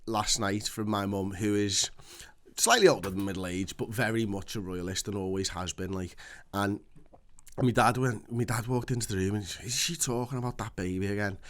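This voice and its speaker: A man co-hosting a casual podcast, rambling and animated as he tells stories, swearing freely. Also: on the low side, a little fast. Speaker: podcast co-host.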